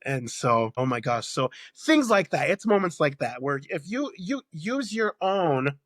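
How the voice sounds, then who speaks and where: A man working in hotel customer service, a podcast guest telling animated stories and laughing often. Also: on the high side, unhurried, dry recording, clean studio sound. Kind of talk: casual storytelling.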